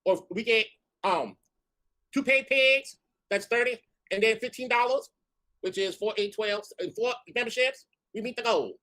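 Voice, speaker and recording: A man's voice: high-pitched, normal speed, sharp tone. A man streaming live, telling brash, profane stories and chasing donation goals. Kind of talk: casual stream chat.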